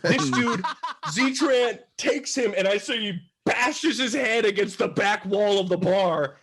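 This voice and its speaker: A man telling stories in a casual podcast chat, animated and laughing often, acting out voices. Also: high voice, a little slow, husky. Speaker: podcast guest.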